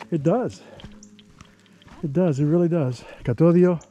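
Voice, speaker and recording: A man narrating a hike to the camera on an outdoor canyon trail, easygoing and chatty, thinking aloud with pauses. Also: a little high, warm tone, lo-fi sound, soft background music. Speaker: travel vlogger.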